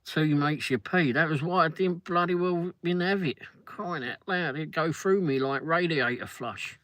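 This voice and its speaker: A man's voice: fairly high pitch, normal speed, fairly bright tone, dry recording. An older man hosting a livestream, chatting casually in a rambling way while reading viewer comments, often laughing. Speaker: livestream host.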